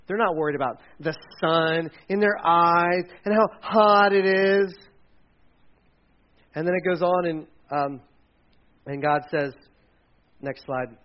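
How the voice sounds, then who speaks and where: A man's voice: on the high side, measured pace, dull audio. A male pastor giving a sermon in a church, telling stories with animation and acting out quotes. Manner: animated storyteller, acts out quotes.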